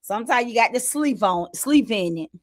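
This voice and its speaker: A woman with a somewhat high voice and a hosts a casual livestream. She retells conversations animatedly, quoting others and addressing her viewers directly. The recording is dry and close, with little room sound. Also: moderate pace, dry recording. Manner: animated storytelling, retelling quoted exchanges, talks to chat. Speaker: livestream host.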